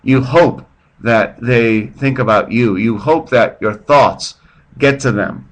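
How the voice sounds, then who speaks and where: Slow and mid-range, this man's voice carries an off-the-cuff casual monologue on his own podcast. He's at home with a beer while his partner sleeps, rambling, poking fun at himself, and voicing the characters of a joke in little voices.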